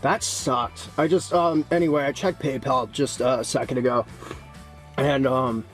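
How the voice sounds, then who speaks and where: A young man talking casually in a vlog, excitable and swinging between hype and frustration. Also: mid-range voice, moderate pace, faint music behind. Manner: excitable, swings from hyped to deflated and angry. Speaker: vlogger.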